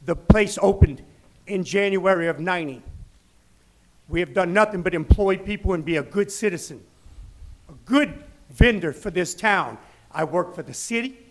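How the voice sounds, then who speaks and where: A high-pitched man addresses a city council. He is angry and indignant, his voice shaking as he rises into loud outbursts. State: shaking with anger. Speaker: business owner speaking at public comment. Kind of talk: public comment at a city council meeting. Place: council chamber.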